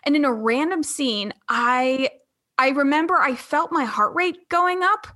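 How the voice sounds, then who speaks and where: A woman's voice: high voice, unhurried, sharp tone. A woman in her twenties telling a personal story in a candid, rambling interview, with many restarts. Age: 20s. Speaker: guest.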